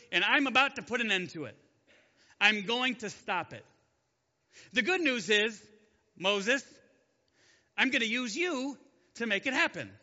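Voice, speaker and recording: A man voicing God as a calm, commanding male figure who gives firm, direct orders. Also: high-pitched, big-room sound, muffled recording, exaggerated voice.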